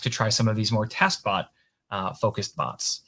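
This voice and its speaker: A man's voice: fairly low pitch, normal speed, a bit bright, a little hiss or hum. A man hosting a casual interview over a video call, friendly, with hesitant restarts. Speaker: show host.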